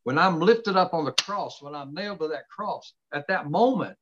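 A man's voice: a little high, animated, fairly bright tone. Earnest middle-aged man teaching on a dull call. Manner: earnest, expounding scripture with emphatic slow stresses. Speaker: host. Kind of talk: casual faith conversation, teaching. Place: home study with books behind him. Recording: dull lo-fi sound.

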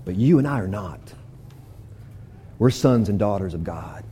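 A man preaching a sermon, retelling a story with animated energy and closing in soft prayer. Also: fairly low pitch, measured pace, a little hiss or hum. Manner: animated storytelling, prays softly at the end.

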